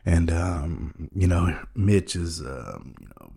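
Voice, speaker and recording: A man hosting a podcast in a rambling, mock-earnest monologue, halting often with ums and restarts. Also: low voice, sing-song, vocal fry, dark tone, breathy edge. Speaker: podcast host.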